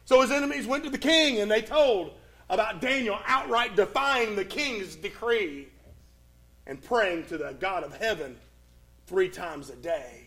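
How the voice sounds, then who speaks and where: A man with a very high voice preaches a sermon, telling a Bible story with dramatic pauses. He swings from a raised, urgent voice down to near hushes. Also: lively intonation.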